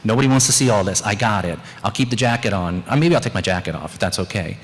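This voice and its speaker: Earnest pastor preaching in a reverberant church. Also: male voice, animated, quick pace. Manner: earnest, candid, joking asides. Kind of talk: sermon. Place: small church service. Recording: long church reverb, faint rumble.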